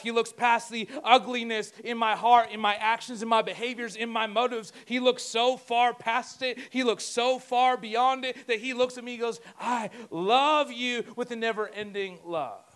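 A man's voice: extremely high pitch, a bit bright, clean tone. A man preaching a conversational sermon as pastor, joking and talking asides to himself.

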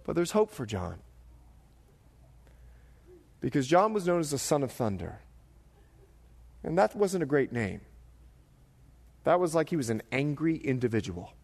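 A middle-aged man preaching a sermon, animated and jokey, slipping into voices as he tells stories. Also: on the high side, measured pace, vocal fry, pauses often, in a large hall. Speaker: pastor.

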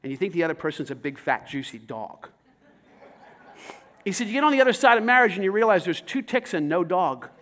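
A pastor preaching a sermon, swinging between loud emphatic lines and hushed, slowed passages. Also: male voice, sits high, big pitch swings.

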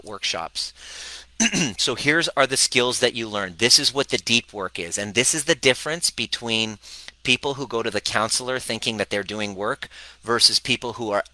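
A man coaching live on a stream, energetic and blunt, acting out his clients' worries in quick quoted voices. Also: fairly low pitch, no room sound, rough recording.

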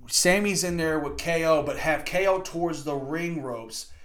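A man giving a casual, excitable and profane play-by-play review of a wrestling event. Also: a little high, moderate pace. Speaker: wrestling podcast host.

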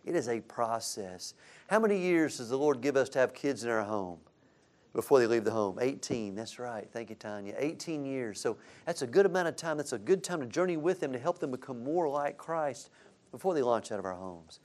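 A man's voice: medium pitch, lively intonation, a little fast, a little mellow. A man teaching a Bible class to a church group, asking the room questions and answering them as he goes. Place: church classroom with a live audience.

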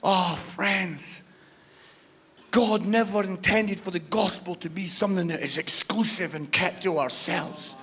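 A man preaching in a strikingly high, bright, forceful voice. He delivers a passionate sermon, sinking to hushed near-whispers and then building to shouts. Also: a little slow, husky. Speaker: guest preacher. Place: church service.

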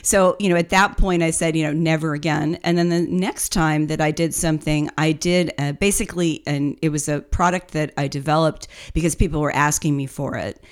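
A woman's voice: low voice, fairly even intonation, brisk, few pauses. A woman co-hosting a business podcast, telling her story in a chatty, easygoing way. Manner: chatty storytelling with fillers and light laughs. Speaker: podcast co-host. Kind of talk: casual podcast conversation.

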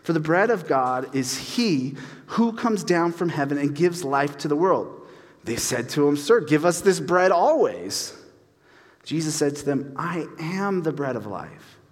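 Man, pastor, casual lively sermon, slightly high voice, long hall echo. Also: a little slow. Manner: casual and animated, acts out voices in stories.

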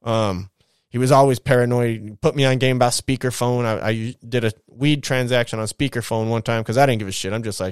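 Hosting his own show, a man recounts his life story in casual, profane street slang, animatedly acting out the voices of the people involved. His medium-pitched voice is brisk and clean-toned, captured in a dry, clean studio recording.

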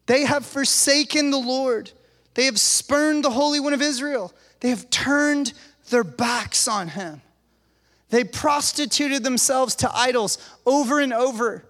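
A man with a high voice preaching a sermon in an unhurried, deliberate way. He drops casual slang into his animated delivery. His voice rings through a big hall with a long reverb tail. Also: gravelly.

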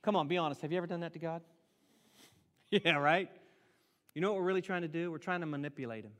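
A middle-aged man preaching a sermon as a pastor, animated, acting out prayers in a raised voice. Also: fairly high pitch, fast talker. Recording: long reverb of a hall.

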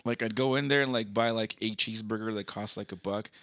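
A man's voice: lowish voice, fairly even intonation, fast talker, a bit bright, no room sound, studio quality. Laid-back rambling podcast guy. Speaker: podcast co-host. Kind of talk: casual chat.

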